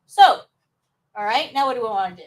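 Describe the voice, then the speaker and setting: A woman's voice: fairly high pitch, rapid-fire, recorded from a distance, low-quality recording. A woman teaching nursing assistant students in a live class, upbeat and coaxing answers from them.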